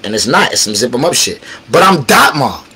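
A man's voice: medium pitch, big pitch swings, a little fast, sharp tone, slightly rough, low-quality recording. A man telling a street story with slang, acting out quotes and sound effects. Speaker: battle rapper telling a story. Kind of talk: animated storytelling.

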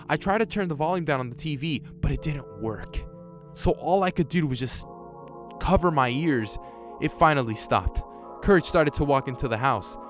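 A man casually reads a horror story aloud and adds his own reactions, sometimes swearing. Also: a little high. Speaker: YouTube storyteller. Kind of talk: reading a horror story with commentary.

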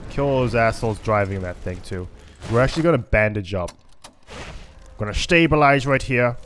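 A man's voice: medium pitch, expressive, moderate pace, fairly bright tone, soft background music. A man giving let's play commentary on a stealth shooter game, frustrated and swearing at it, with chatty asides. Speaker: gaming YouTuber.

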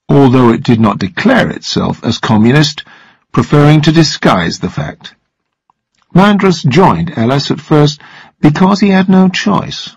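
A man narrating a story in a slow, even reading voice for language learners. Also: medium pitch, husky, dry recording, low-quality recording.

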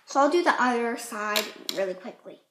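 A woman's voice: a little high, expressive, fairly quick, background noise. A woman hosting a casual craft tutorial, chatty and rambling, often apologizing as she explains. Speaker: art tutorial host.

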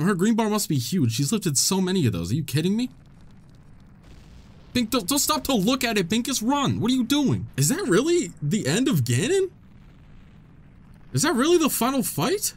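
A young man hosting a let's-play, commentating casually and joking back at the game's characters. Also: high voice. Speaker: gaming channel host.

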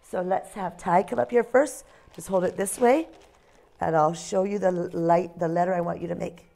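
Kindergarten teacher lady, slow sing-songy, a bit of vocal fry, reading a picture book out loud. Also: on the low side. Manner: slow, sing-song, clear for small children. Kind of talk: phonics lesson and read-aloud.

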